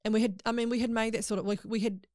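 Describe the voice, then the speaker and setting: A woman's voice: a little high, fairly even intonation, racing, darkish tone, no echo, clean studio sound. A woman guest on a podcast, telling a personal story in a candid, emotional way in casual chat.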